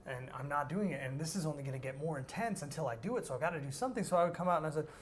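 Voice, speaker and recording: A man, an interview guest, tells a personal story in an animated, rambling way, full of "like" and acted-out quotes. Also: fairly high pitch, racing, a little hiss or hum. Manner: animated, rambling, heavy use of "like".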